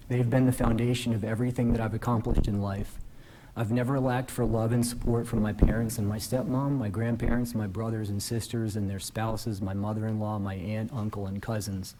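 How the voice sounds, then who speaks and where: A man in his forties, a newly appointed justice, giving a formal ceremonial speech from a podium in a courtroom, earnest and gently self-deprecating. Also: fairly low pitch, slight background noise, low-quality recording.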